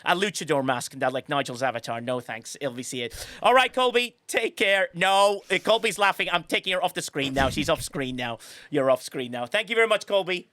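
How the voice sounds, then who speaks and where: A man hosting a casual live-stream chat, effusive and quick to laugh. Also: on the high side, pushed and bright, no echo, clean studio sound. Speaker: podcast host.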